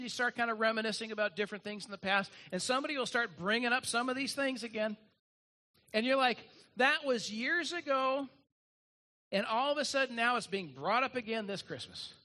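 A male pastor delivering a sermon with earnest, emphatic conviction. His voice sits high and rings bright and forceful, and he leans on repeated refrains to drive points home.

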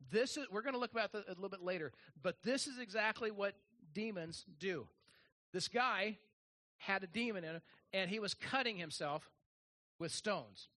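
A man's voice: high voice, normal speed, sharp tone. A man preaching a sermon, folksy and joking, with many restarts and fillers. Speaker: pastor.

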